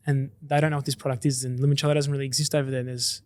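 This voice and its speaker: A man's voice: mid-range voice, level tone, a little mellow, no echo. A man, a drinks company founder talking through his business in a casual, enthusiastic podcast interview. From Australia. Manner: chatty, quick and enthusiastic.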